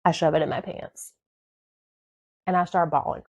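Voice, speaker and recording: Brief: woman, animated confessional storyteller, close and dry mic. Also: low-pitched, moderate pace, gravelly, slightly rough, dry recording. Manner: emotional, animated, dramatic. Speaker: podcast host telling her life story. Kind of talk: personal storytelling.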